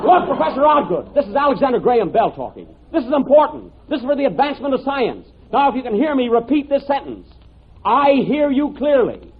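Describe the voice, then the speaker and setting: A man's voice: very high-pitched, big pitch swings, quick pace, few pauses, breathy edge. A man hosting a radio comedy, playing a pompous, exasperated professor in 1930s radio acting style. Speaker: comedy show host playing Professor Bell. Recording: tinny noisy old radio broadcast.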